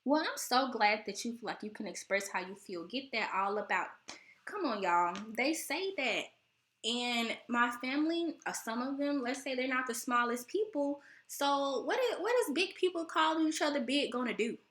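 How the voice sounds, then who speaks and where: A young American woman hosting her own channel, chatting casually and animatedly, laughing often, and her voice sounds a bit teary even when she's not upset. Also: moderate pace. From United States. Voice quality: voice sounds close to tears. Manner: animated, laughing, mimics relatives in high voices. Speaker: vlogger host. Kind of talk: casual talking-to-camera chat.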